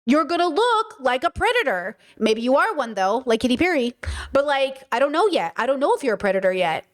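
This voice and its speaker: A woman's voice: sits high, very animated, brisk. A woman streamer reacting to a clip in casual commentary, emphatic and repetitive, often acting out quotes. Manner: emphatic, repeats points, quotes others in put-on voices.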